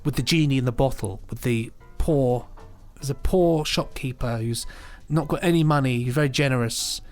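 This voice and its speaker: Young guy cohosting a podcast, rambly and chatty, restarts a lot, mid-pitched. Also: normal speed, faint music behind. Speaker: podcast co-host. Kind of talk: casual chat.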